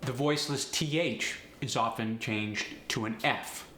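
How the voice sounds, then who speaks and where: Bright-voiced male dialect coach. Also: medium pitch. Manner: slow, deliberate demonstration of pronunciations; direct, encouraging address to viewers. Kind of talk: instructional video narration. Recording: echoey room with faint noise.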